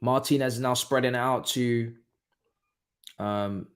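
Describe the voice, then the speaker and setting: A young man hosting a live football watchalong, talking casually and breaking into excited exclamations. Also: mid-range voice, unhurried. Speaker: watchalong host. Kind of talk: live match watchalong commentary.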